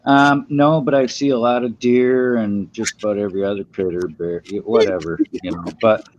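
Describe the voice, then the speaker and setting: Low-voiced, easygoing man on a lo-fi line. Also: steady tone, normal speed. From Minnesota. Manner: mild, easygoing, folksy. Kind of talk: casual chat. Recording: dull lo-fi sound with faint hiss.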